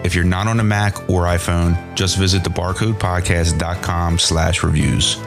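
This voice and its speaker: A man's voice: deep voice, level tone, moderate pace, creaky. A man reading a scripted podcast outro in an upbeat, sing-song way. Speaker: podcast host. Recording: outro voice over loud guitar music.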